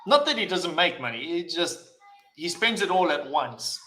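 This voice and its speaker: A man in casual banter on a video call, teasing and chipping in with quick jokes. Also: fairly high pitch, very animated, pushed and bright.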